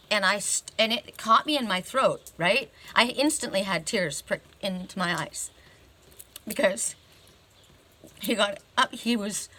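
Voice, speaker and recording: An oracle card reader with a bright, medium-pitched voice and a forceful tone recounts a personal story. She's chatty and emphatic, frequently checking in with "right?".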